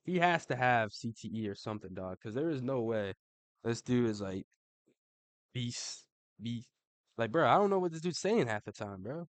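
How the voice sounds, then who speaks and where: A man's voice: mid-range voice, very animated, normal speed, no echo. A young adult man giving casual ranking commentary, slangy and profane, saying "bro" after nearly every line. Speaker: MMA commentator.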